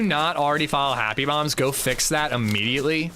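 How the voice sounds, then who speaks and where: A young man's slightly high voice comes across pushed and bright, a little fast, with slight background noise. Playing a video game on stream, he chats loosely with viewers, swearing freely and reading and replying to chat.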